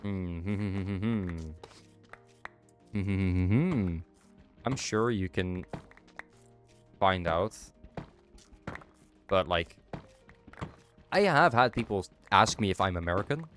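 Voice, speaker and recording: A young man from the Netherlands chats loosely with his stream chat while he plays. His voice sits very low, and a cold has left his nose stuffed. Faint music plays underneath. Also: expressive, extremely slow, pauses often, a bit bright. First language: Dutch. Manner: chatty, answers chat while playing. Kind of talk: casual chat while gaming.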